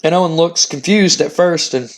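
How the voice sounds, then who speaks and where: Man, gaming host, casual recap, rambling, lots of uh and um, fairly high voice. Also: normal speed. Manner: rambling, many fillers and restarts. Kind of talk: casual game playthrough recap.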